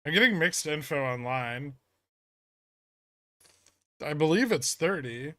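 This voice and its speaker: A man's voice: fairly high pitch, animated, slow pace, sharp tone, no room sound. A man hosting a casual trading livestream, reading chat questions and answering with dry, sarcastic humor. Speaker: livestream host.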